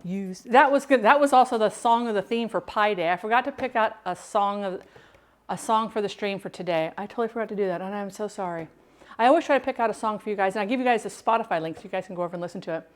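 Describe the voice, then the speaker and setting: A woman's voice: mid-range voice, fast talker. A woman hosting a casual cooking livestream from her kitchen, chatting to viewers, humming and singing along, and laughing often.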